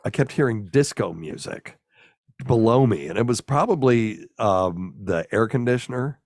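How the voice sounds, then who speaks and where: Man in his sixties, low-pitched voice, broadcaster's delivery, candid anecdotes, dead-dry room. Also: animated, moderate pace, darkish tone, dry recording. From US South, raised in Chicago area until sixth grade. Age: 60s. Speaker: guest, physician and former broadcaster. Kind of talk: casual interview chat, storytelling.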